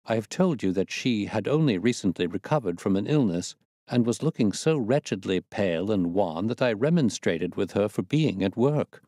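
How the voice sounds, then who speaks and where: A man reading a classic detective story aloud as a storyteller, measured and expressive. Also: lowish voice, no echo, clean studio sound.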